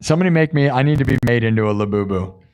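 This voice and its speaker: A man's voice: medium pitch, lively intonation, racing, a little mellow, muffled recording. A man hosting a live music stream, chatting casually with viewers, laughing often and acting out quotes.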